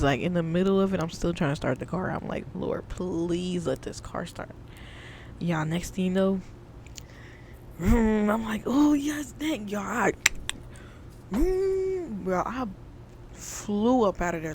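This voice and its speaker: A young woman telling a casual storytime, chatty and animated, talking straight to her viewers and acting out sound effects. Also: lowish voice, slight background noise. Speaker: vlogger.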